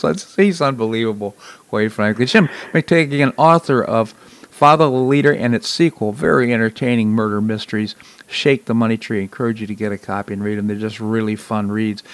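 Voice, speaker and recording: A man hosts a talk show, talking with enthusiasm and stumbling over frequent restarts. His voice sits in a middle pitch range and sounds close and dry, with no room behind it. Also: a little fast, no echo. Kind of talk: casual political talk. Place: Florida.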